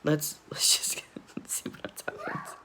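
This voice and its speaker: A man's voice: slow pace, in a whisper. A man casually reacting to a video, rambling, laughing often and repeatedly apologizing.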